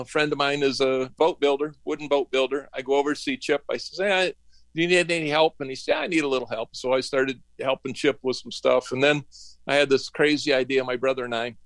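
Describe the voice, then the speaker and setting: A man's voice: medium pitch, fairly even intonation, brisk, creaky, a bit bright, dry recording. A middle-aged man from northern Michigan, an interview guest telling rambling, folksy stories about his working life and acting out the dialogue. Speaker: interview guest, woodworking business owner. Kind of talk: casual storytelling interview.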